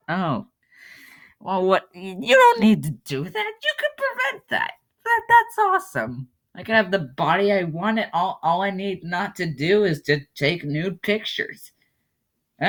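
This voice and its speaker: A man talks through a web game in loose, rambling commentary, poking fun at himself. His pitch swings up and down a lot, and he takes his time with every thought. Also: fairly bright tone. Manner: rambling, self-mocking, breaks into laughter. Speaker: YouTuber playing a web game. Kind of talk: casual commentary.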